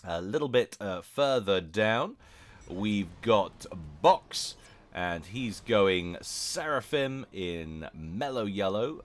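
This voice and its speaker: A man's voice: low voice, slight background noise. A man giving jokey, chatty commentary on a strategy game replay, with self-mocking asides. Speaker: game caster.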